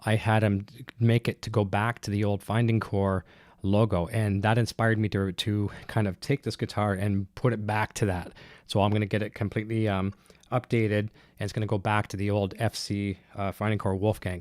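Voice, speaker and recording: Speaking a little fast into a close dynamic broadcast mic, this congested man runs a guitar gear stream from his home studio, breathing heavily. His lowish, slightly mellow voice barely moves in pitch, and he rambles through viewer comments with lots of fillers and false starts. The recording has no room sound.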